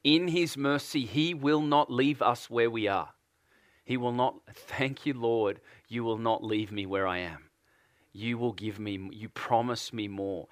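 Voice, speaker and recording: A man's voice: medium pitch, no echo, studio quality. A man from Australia with an Australian accent, preaching a sermon and putting earnest repeated questions to a congregation.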